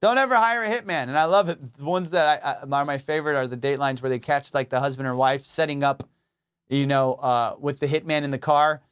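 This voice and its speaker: A man's voice: a little high, a little fast, fairly bright tone, clear, resonant tone. A man hosting a comedy podcast, riffing in a rambling, profane monologue from his studio. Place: home studio.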